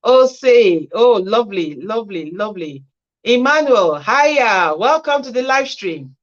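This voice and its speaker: A woman's voice: a little high, animated, a little slow, muffled recording. Woman answering viewers on a livestream. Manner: reads viewer comments aloud and answers with chatty advice. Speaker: care worker hosting a Q&A livestream. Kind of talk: casual livestream Q&A.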